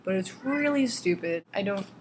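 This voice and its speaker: A woman's voice: lively intonation, normal speed, slight background noise. Sarcastic young woman ranting about a book. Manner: sarcastic, exasperated, swears freely; jumps to squeaky high pitch when mocking quotes. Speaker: vlogger reading a novel. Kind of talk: casual ranting book commentary.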